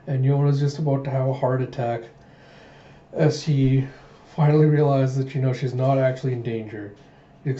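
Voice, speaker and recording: A man's voice: medium pitch, little pitch movement, normal speed, mellow. A young man casually retelling a comic story aloud, reading out the lines with loose "she's like" asides. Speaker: comic reader. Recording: dull, roomy home recording.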